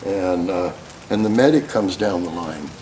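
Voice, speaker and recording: Slow, low-voiced older man. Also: darkish tone, slight background noise. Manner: folksy and profane, laughs through his stories. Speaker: speaker, war veteran. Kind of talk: storytelling talk. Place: theater school hall. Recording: roomy hall with faint ambience.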